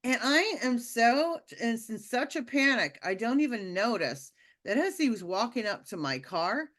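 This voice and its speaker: Animated woman telling a story. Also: fairly high pitch, normal speed. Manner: animated, with many fillers and restarts. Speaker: speaker sharing a personal testimony. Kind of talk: casual spoken storytelling.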